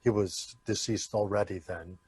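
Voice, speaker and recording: Unhurried American man telling stories. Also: on the low side, fairly even intonation, a little mellow, breathy edge, no echo. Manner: unhurried, full of "uh" pauses. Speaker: guest, Yiddish actor. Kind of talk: relaxed storytelling in an interview.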